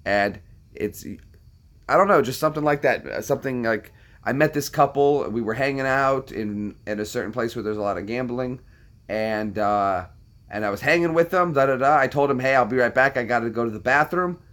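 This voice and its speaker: A man's voice: medium pitch, normal speed, fairly bright tone. A man hosting a casual chat, talking to his viewers in a rambling way full of anecdotes and repetitions. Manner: rambling, anecdotal, repeats himself.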